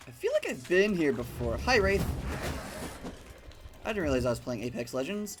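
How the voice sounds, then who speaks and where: A man's voice: on the high side, very animated, normal speed, music in the background. A man chatting casually while playing a video game, rambling through a story with lots of fillers and the odd swear. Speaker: gaming streamer. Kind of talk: casual let's-play commentary.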